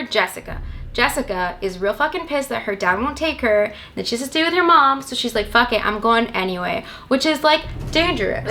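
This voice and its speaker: A woman's voice: on the high side, bright, forceful tone. A young woman recapping a movie in a rambling, sarcastic comedy style, swearing constantly. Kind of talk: profane comedic plot recap.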